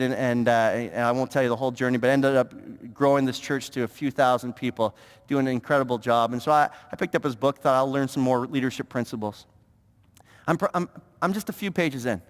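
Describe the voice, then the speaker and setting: A man preaching a sermon as pastor, talking in an animated way with stammering restarts and repeated words. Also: mid-range voice. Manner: animated, stammering repetitions, mock-pious impressions. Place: church sanctuary. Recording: long reverb of a church hall.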